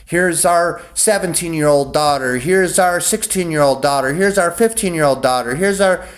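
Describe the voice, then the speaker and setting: A man's voice: a little high, moderate pace, voice pushed up, close to an everyday voice. A man putting on the voice of a fawning noble father eagerly listing what he offers.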